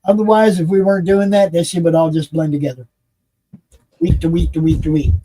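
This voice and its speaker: A man hosting a casual hangout chat, rambling and profane with quick laughs. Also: on the high side, level tone, dark tone, rough recording. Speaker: host.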